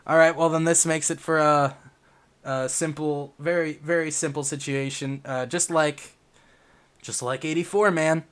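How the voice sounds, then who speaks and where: A man's voice: fairly high pitch, steady tone, a little slow, a bit bright, clean tone. Guy doing a tired, deflated old-timer rambling on, pretty normal voice. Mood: casual. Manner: rambling, sheepish confessing.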